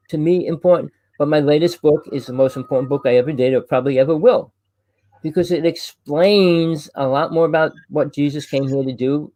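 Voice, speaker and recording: A man from New Jersey with a New Jersey accent, hosting a casual chat, talking loud and fast and rambling with restarts. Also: on the high side, dry recording. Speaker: host.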